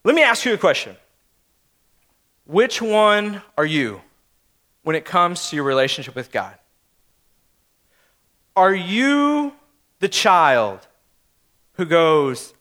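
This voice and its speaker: This pastor's voice sits high with a sing-song lilt and a fairly bright tone, moving slowly and pausing often. He is in his thirties, delivering a sermon full of casual family anecdotes and talking straight to the congregation.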